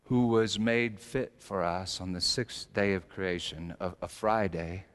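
A middle-aged male pastor preaching a sermon, swinging between loud emphatic lines and soft, low asides. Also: measured pace.

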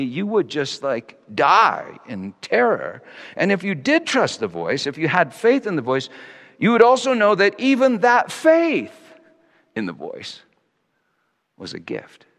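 Lively-voiced male preacher in a reverberant hall. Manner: reflective, wide-ranging pitch, slows for emphasis. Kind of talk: sermon.

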